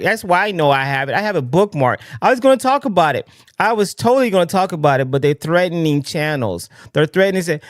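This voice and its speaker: Excitable, rambling livestream host. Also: male voice, sits high, smooth, no echo, studio quality. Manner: excitable, rambling, full of restarts. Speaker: livestream political commentary host. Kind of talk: casual live commentary.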